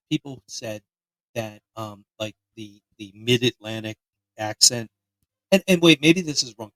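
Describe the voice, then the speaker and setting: A man from the area, hosting a casual podcast chat in a profane, rambling, animated way. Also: mid-range voice, no echo, poor audio. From Philadelphia area, US. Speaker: podcast host.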